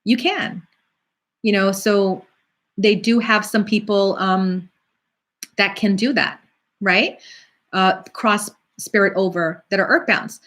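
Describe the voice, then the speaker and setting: A middle-aged woman, a psychic medium, talking casually on a live stream and answering viewer questions in a chatty, animated way. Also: mid-range voice, takes it slowly, long pauses. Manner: chatty, animated, acts out quoted voices.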